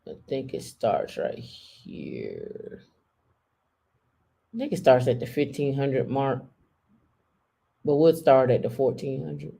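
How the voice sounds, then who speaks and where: A woman's voice: extremely low pitch, very animated, slow pace, creaky, long pauses, mellow, breathy edge. A woman hosting a live stream, chatting casually and talking straight to her viewers. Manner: chatty, addresses viewers directly.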